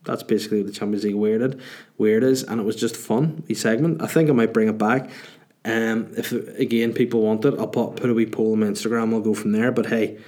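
A man's voice: on the low side, fairly even intonation, a little fast, mellow. A Northern Irish man in his thirties hosting a podcast, chatting casually and joking through rambling anecdotes while answering listener questions. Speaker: podcast host.

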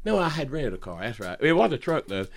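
A man's voice: mid-range voice, sing-song, quick pace, crowd noise. A man hosting a podcast, chatting casually and telling folksy stories with lots of laughter. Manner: folksy storyteller, laughs a lot. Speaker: podcast host.

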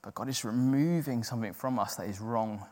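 A man's voice: medium pitch, brisk, a little mellow. A man preaching a sermon in an earnest, self-deprecating way, acting out the doubting voices in his head. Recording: long hall reverb.

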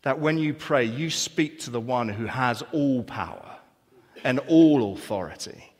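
A man's voice: mid-range voice, expressive, a little slow, a little mellow. A man preaching a sermon as pastor, earnest, with rhetorical questions and repetition. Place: church hall. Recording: long church reverb.

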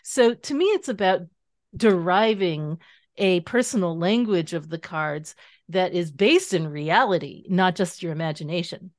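A woman guest author talking through her practice in a casual interview, animated and explanatory, laughing easily. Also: lowish voice, unhurried, no room sound, studio quality. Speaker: guest author and tarot teacher.

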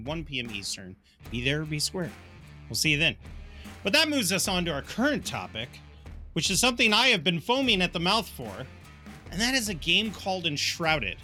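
A man's voice: a little high, bright, forceful tone. A man hosting a casual podcast, upbeat as he runs through the week's schedule and brings in the next topic. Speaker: podcast host. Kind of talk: casual podcast chat and announcements.

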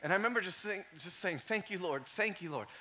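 Bright-voiced animated male pastor. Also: high-pitched, fast talker, a little hiss or hum. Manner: animated, swings from quiet storytelling to shouting; conversational, many "like" fillers. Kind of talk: sermon.

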